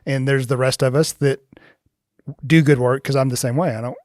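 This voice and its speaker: A relaxed man in his fifties hosts a casual interview, tossing in jokes and quick interjections. His voice sits at a middle pitch, recorded dry and close. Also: no room sound. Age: 50s. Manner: relaxed, joking, short interjections. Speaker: interview host.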